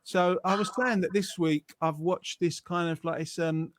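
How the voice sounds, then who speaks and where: A man hosting a casual live stream, chatty and joking with quick asides. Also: sits high, steady tone, no echo. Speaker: host. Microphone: close mic.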